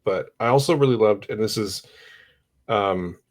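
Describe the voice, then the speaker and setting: A man talks through his views on a podcast panel in a casual, rambling way, peppering everything with "like". His voice sits low, and his phrases often fade out softly. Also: measured pace. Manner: chatty, leans on "like", trails off softly. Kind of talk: casual film discussion.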